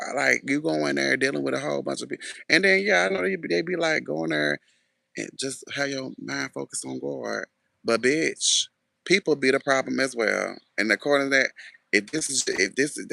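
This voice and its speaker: A man's voice: mid-range voice, moderate pace, gravelly, sharp tone, no room sound. A man ranting casually to camera in a sassy, sarcastic way, swearing freely. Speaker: vlogger.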